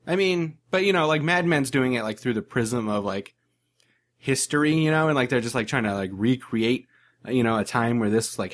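A man co-hosting a casual podcast chat, rambling with lots of "like" as he retells movie scenes. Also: medium pitch. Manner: rambling, heavy use of "like", animated retellings.

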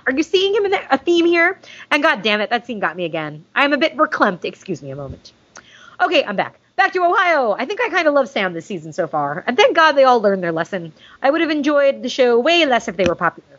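With a somewhat bright voice on the high side, a woman hosting a podcast gushes casually while reading listener mail, tossing in jokey asides. It's fan chat, recorded with dull, lo-fi audio.

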